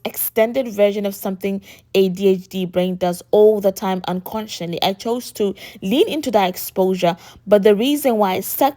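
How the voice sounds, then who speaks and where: A woman in her thirties, an American accent with a British lilt, explaining to camera with lively emphasis and frequent rhetorical asides. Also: medium pitch. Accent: American mixed with a British lilt. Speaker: vlogger.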